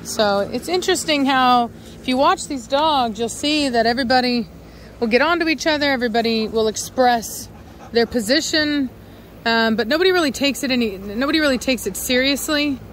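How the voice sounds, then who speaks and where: A woman breeder chatting casually while handling her dogs in a yard, now and then calling to them in a high sing-song voice. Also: moderate pace, a bit bright. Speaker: dog breeder. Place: outdoor dog yard. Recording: faint outdoor noise.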